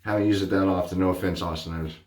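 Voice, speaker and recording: Deep-voiced man rambling in an echoey room. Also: steady tone, rapid-fire. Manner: rambling, chatty, many fillers. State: out of breath. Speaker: wet shaving vlogger. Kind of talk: casual shaving vlog.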